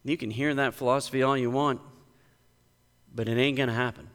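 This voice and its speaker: Male pastor, smooth resonant voice, emphatic sermon delivery, long church reverb. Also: fairly even intonation, brisk, fairly bright tone. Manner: emphatic, conversational preaching with sudden lifts in pitch. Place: church sanctuary.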